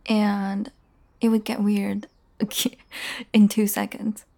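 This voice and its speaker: A woman's voice: medium pitch, completely flat delivery, very slow, creaky, darkish tone. A young woman in a casual audio role-play, talking straight to the listener, teasing and swearing freely and often dropping into a whisper.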